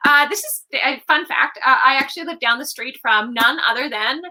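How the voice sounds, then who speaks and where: A woman with a high, bright voice talks about her novel over a video call. She rambles warmly through fillers and restarts, as if chatting with a friend. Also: normal speed, rough recording. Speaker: author guest. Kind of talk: conversational book event on a video call.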